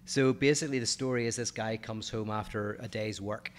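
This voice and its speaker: A man's voice: lowish voice, fairly even intonation, fairly quick. Irish man explaining ideas patiently. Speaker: podcast co-host, philosopher. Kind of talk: casual explanatory chat.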